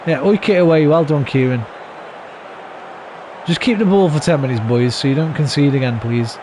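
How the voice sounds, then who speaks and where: A young man talks through his football management game in a loose, sweary way, with his voice jumping up in loud frustrated bursts. His pitch sits in the middle range for a man. A faint hum of room noise runs under his voice. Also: normal speed. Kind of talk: casual live commentary while playing.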